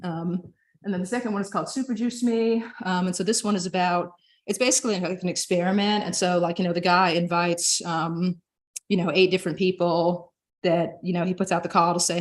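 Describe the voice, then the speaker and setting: Young woman presenter, lowish voice, casual and chatty. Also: fairly even intonation, a little fast. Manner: chatty, frequent filler words.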